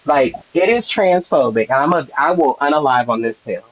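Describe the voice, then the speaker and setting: A man's voice: fairly high pitch, animated, moderate pace. A man hosting a live stream, giving heated commentary with emphatic, repetitive build-ups. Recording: dull lo-fi stream audio with faint noise.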